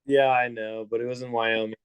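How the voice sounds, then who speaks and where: A man's voice: medium pitch, level tone, a little fast, smooth, dry recording. A young man telling a long story on a casual podcast, rambling with lots of fillers and restarts. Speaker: podcast co-host.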